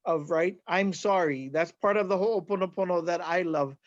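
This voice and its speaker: A man's voice: high voice, moderate pace, no echo, muffled recording. A middle-aged man from Hawaii, a healer, earnestly explaining his teaching in an interview and often checking in with "right?".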